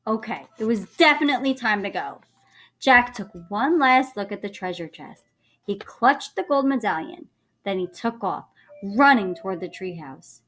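A woman teacher reading a children's book aloud to her students, expressive and animated, checking in with them along the way. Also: mid-range voice.

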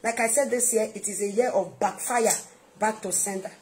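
A woman minister with a Nigerian accent, preaching an emphatic sermon-style video message that repeats its points and swings between soft asides and loud outbursts. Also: medium pitch, steady tone, moderate pace, slight background noise.

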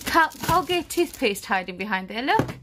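A young, pregnant family vlogger, out of breath, chats through a family grocery haul, correcting herself as she goes and laughing easily. Her voice is on the high side with big pitch swings at a moderate pace, and there's background noise.

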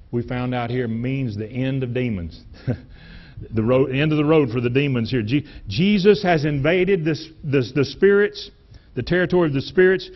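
A middle-aged male pastor preaching in a church sanctuary, his voice rising and dropping sharply for emphasis, often repeating words as he builds a point. He sits at an ordinary pitch for a man. The recording sounds dull and lo-fi. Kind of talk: sermon.

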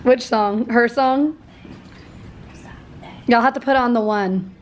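A woman's voice: fairly high pitch, takes it slowly, slight background noise. A middle-aged woman, a mother hosting a family vlog, chatting casually and giggling as she talks to the viewers at night. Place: indoors at night while traveling.

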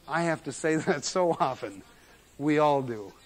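A man's voice: on the high side, lively intonation, a little slow. A man, possibly older, giving a classroom lecture on general semantics in an emphatic manner, repeating key words for effect, in a 1970s lecture recording.

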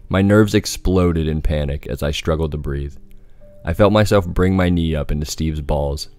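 Deep-voiced man, dramatic horror storytelling, faint music under. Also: a little mellow, no echo. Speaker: narrator. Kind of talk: scripted horror narration.

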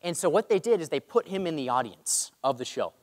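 In a church hall, a preacher tells a personal story during an earnest sermon, calling out to the congregation for amens. His fairly high voice swings widely in pitch and moves fairly quickly. The recording carries the long reverb of a large hall.

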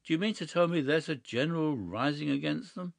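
Audiobook squire: agitated, stammering, shrill with alarm, done by a male narrator, dry close read. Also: fairly quick, gravelly, no echo. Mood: indignant. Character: flustered indignant middle-aged country squire.

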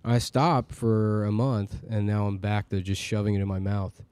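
A man's voice: on the low side, level tone, normal speed, a little mellow, clear, resonant tone, no echo. A man co-hosting a comedy podcast, rambling through crude jokes in casual banter.

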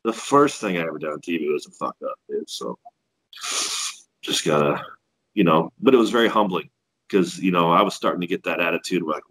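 A man's voice: sits low, moderate pace, fairly bright tone, slightly rough, poor audio. A man who works as a ring announcer, telling stories in a laid-back, profane, self-deprecating way as a podcast guest. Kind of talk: casual podcast storytelling.

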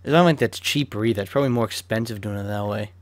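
A man's voice: on the low side, quick pace, no echo. A young man giving casual, chatty commentary on a football video game as he opens card packs, swearing freely and flaring up in sudden rants. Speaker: gaming YouTuber.

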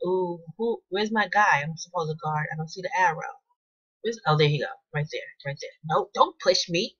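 Woman gamer, low and husky, excitable running commentary on her own play, muffled lo-fi home recording. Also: moderate pace. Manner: excitable, shouts at the game and its players. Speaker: channel host playing a basketball video game. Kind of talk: casual live gameplay commentary.

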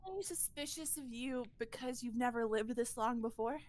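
A woman's voice: fairly high pitch, normal speed, a little mellow. A woman in a social deduction game voice chat, bluntly teasing and reading other players.

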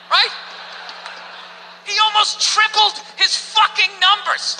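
A man doing stand-up on stage, ranting in profane disbelief and firing off rhetorical questions. His voice sits high with a very bright, sharp edge, and faint noise hangs under it. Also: expressive, normal speed, big-room sound, low-quality recording. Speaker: stand-up comedian. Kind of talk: stand-up comedy set. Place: stage before a live audience.

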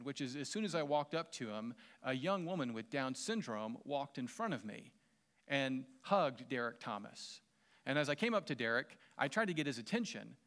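Southern American man preaching conversationally. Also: medium pitch. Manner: conversational, warm humor with asides to the congregation. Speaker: pastor. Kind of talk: sermon.

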